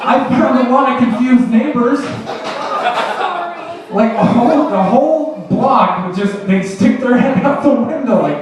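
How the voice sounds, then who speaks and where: A man doing a stand-up comedy set, telling crude stories in an offhand, deadpan way. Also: high-pitched, normal speed, distant mic. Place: comedy club stage. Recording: echoey club, mic heard from afar, loud crowd laughter. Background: audience laughing.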